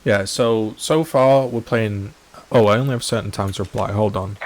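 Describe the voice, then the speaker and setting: A man's voice: on the low side, normal speed, a little mellow. A man giving casual, chatty commentary to his viewers while streaming a video game. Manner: chatty, joking asides to chat.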